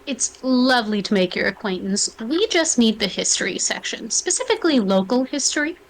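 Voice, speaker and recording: A woman's voice: on the high side, expressive, fairly quick, rough recording. A woman playing in a tabletop game, speaking casually and matter-of-factly. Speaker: player. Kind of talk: casual in-character play.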